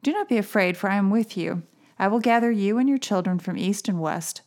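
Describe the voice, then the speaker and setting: A woman hosting a devotional podcast, speaking clearly and reading scripture at a measured pace with dry humor. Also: mid-range voice, darkish tone. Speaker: podcast host. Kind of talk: casual chat and scripture reading.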